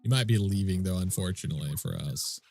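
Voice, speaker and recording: A man's voice: low voice, quick pace, vocal fry, darkish tone, faint music behind. A man with a stuffy nose, casually commentating his game stream and chatting with viewers in a laid-back, swearing way.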